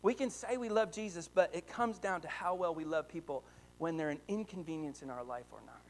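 A high-pitched male preacher in his thirties delivers a sermon full of family anecdotes. He tells his stories with animated energy and lively swings in volume. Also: fairly quick, a little hiss or hum. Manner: animated storytelling, rising to excited shouts. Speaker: pastor.

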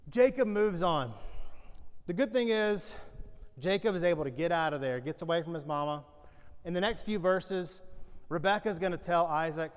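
A male pastor preaching in a loose, joking, conversational way, with animated storytelling and a fairly high voice. His sermon rings out with a long reverb from the church hall. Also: normal speed, smooth.

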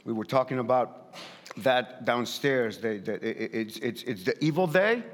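A man's voice: mid-range voice, animated, unhurried, in a large hall. A man preaching a sermon in a light accent, emphatic and repetitive, often restarting his phrases. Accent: non-native English. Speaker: pastor.

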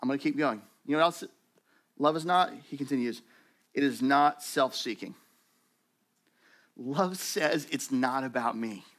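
A man preaching a sermon to his church in a conversational, animated way, acting out quoted voices. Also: mid-range voice. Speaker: pastor.

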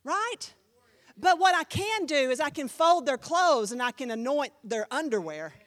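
Woman pastor preaching, high voice, swoops all over the place, acts out the people in her stories. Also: measured pace, long reverb tail. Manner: animated storytelling, acting out quoted voices. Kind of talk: sermon.

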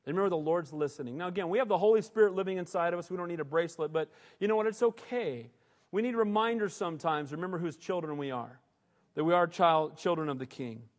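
A man's voice: a little high, quick pace. A male pastor preaching a sermon in a conversational style, often asking the congregation "amen?". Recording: long hall reverb.

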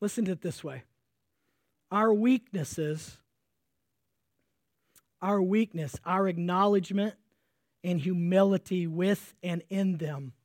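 A man preaching a sermon with energy, swinging between loud emphasis and quiet intensity, sweating as he speaks to a congregation. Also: sits high, no room sound, studio quality. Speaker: pastor.

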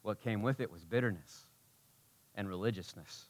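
A man preaching a sermon in a casual, conversational way, dropping to hushed tones and rising to near shouts with passion. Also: fairly low pitch, moderate pace. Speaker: pastor.

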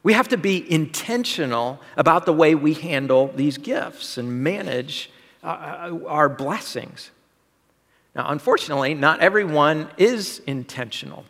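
A man's voice: fairly high pitch, expressive, unhurried, a bit bright, big-room sound. A male pastor giving a conversational sermon, asking the congregation questions. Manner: conversational preaching with rhetorical questions.

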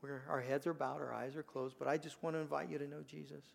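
An older man preaching a sermon as pastor, earnest, swinging from loud emphasis to a hushed, gentle invitation. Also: on the high side, little pitch movement, fast, vocal fry. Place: church sanctuary.

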